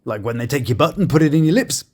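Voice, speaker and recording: Lively sarcastic male commentator. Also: mid-range voice, fast. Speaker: YouTube show host and reviewer. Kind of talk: comic review commentary.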